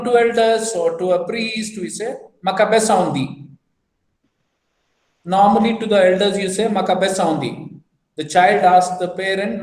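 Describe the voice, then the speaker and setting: A man's voice: sits high, roomy sound, rough recording. A man teaching a beginners' language class over a video call, patiently repeating phrases and explaining them with examples.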